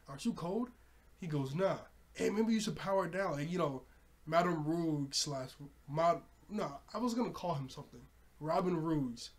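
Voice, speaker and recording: Excitable young man recapping an episode. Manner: excitable, laughs often, jumps up in pitch when surprised. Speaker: show reviewer.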